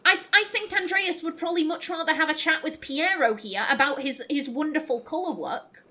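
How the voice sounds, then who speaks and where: A woman's voice: sits high, pushed and bright. A young adult woman hosting a let's play, chatting casually, thinking aloud and reading the game text. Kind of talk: casual gameplay commentary.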